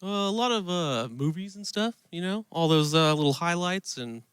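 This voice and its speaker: A man on a video crew, answering in a relaxed, mumbly way. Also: sits high, normal speed, smooth, dry recording.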